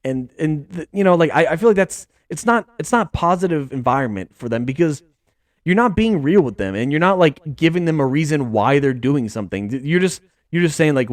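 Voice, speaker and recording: A young man hosting a casual sports podcast, rambling excitedly with lots of fillers. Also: fairly high pitch, a little fast, dry recording, clean studio sound. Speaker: podcast host.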